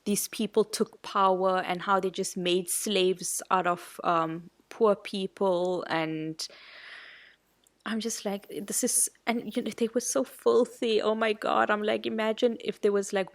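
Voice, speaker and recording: A woman co-hosting a podcast in casual chat, telling stories in a chatty, animated way. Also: medium pitch, unhurried. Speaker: podcast co-host.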